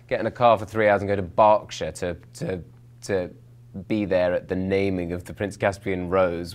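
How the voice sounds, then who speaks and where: A young actor with a notably low voice, chatting through interview questions. He rambles, restarts his sentences and pokes fun at himself, with plenty of fillers along the way. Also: vocal fry. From England, London. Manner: rambling, self-mocking, many fillers and restarts. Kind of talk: casual interview answers.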